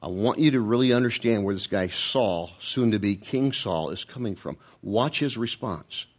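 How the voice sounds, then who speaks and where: A man preaching and retelling a Bible story in a conversational, animated way, jumping up in pitch and often restarting his words. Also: normal speed.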